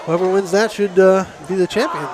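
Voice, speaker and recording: A man co-commentating a high school football game outdoors, matter-of-fact as he reads sponsors and scores. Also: steady tone, brisk, a little mellow, a faint crowd. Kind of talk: sports commentary.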